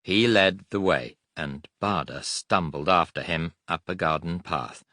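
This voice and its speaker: Deep-voiced man narrating an audiobook. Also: bright, forceful tone, no room sound, studio quality. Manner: measured, dramatic storytelling.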